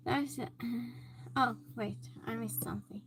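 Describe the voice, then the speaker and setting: A woman streamer in casual chat, reading viewer comments aloud and reacting with animated exclamations. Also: a little high, measured pace, slight background noise.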